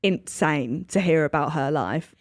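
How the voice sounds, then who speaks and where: A woman's voice: deep voice, animated, unhurried, dry recording, studio quality. A young woman, hosting a podcast in a chatty, gossipy way and laughing often. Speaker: podcast host. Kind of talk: casual chat.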